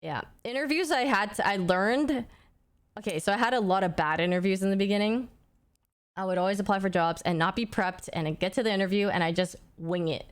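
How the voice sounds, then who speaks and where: A woman's voice: fairly low pitch, clean tone. A young woman streamer in casual chat, rambling and thinking aloud as she answers questions.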